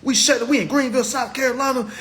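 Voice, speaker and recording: A man on a live phone stream giving an impassioned monologue, swinging from loud exclamations to low muttering and repeating "all right?" constantly. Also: steady tone, rapid-fire. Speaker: livestream host.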